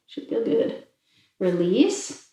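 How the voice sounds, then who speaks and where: A woman's voice: medium pitch, takes it slowly. Echoey, far-off female fitness instructor. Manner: calm, encouraging cues while demonstrating stretches. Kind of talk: guided cool-down stretching instruction. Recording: very echoey room, mic far off.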